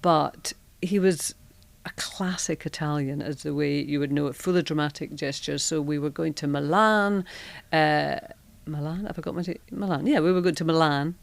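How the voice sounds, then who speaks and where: A woman's voice: deep voice, normal speed, gravelly, hardly any pauses, no echo. A middle-aged woman with a Scottish accent, a podcast guest telling frank, self-deprecating anecdotes in a chatty way. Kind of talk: candid conversational storytelling.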